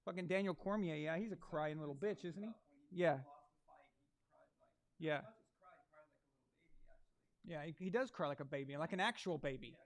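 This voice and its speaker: A man's voice: a little high, moderate pace, long pauses. A man hosting a live sports stream, ranting crudely and mockingly while he watches a game. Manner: mocking, sarcastic asides. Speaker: sports livestream host.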